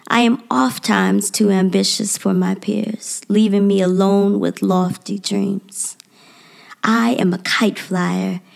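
A woman performs her own spoken-word piece in a measured, poetic cadence, her voice carrying a steady gravelly fry. Line endings often sink into a soft, breathy near-whisper. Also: medium pitch.

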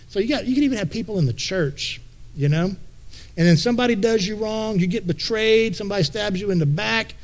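A man's voice: high voice, fairly quick. A male pastor preaching a conversational sermon in a folksy way, often repeating words as he thinks aloud.

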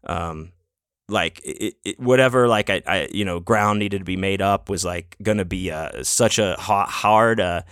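A man's voice: deep voice, measured pace, fairly bright tone, smooth, no echo, clean studio sound. A man hosting his own podcast, telling a loose, rambling story in casual chat with plenty of swearing. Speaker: podcast host. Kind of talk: casual solo podcast recap.

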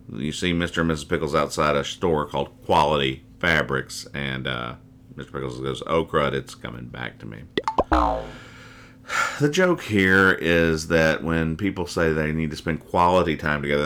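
His voice is a rumbling low one as he hosts a laid-back podcast about comic strips, reading and explaining them. The humor is wry and meandering, and he goes quiet after the punchlines.

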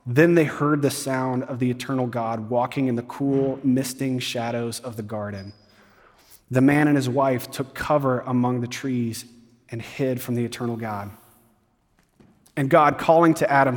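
Male campus pastor, casual sermon delivery with asides, average pitch, long reverb. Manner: conversational, animated retelling with quick asides.

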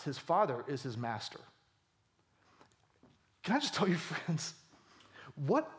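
High-voiced animated preacher man. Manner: animated, voice rising high for emphasis. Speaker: pastor. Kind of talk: sermon.

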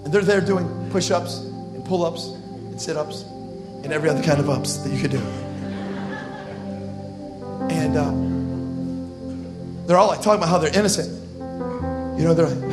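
A man preaching a sermon, animated and humorous, retelling scripture with slang. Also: a little high, normal speed, long pauses, loud music behind the voice. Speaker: pastor.

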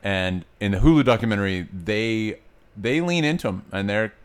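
A male podcast co-host with a fairly low voice, talking casually about movies. He is blunt and outspoken and does not hold back on swearing. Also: lively intonation, moderate pace, smooth. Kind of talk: casual movie-review chat.

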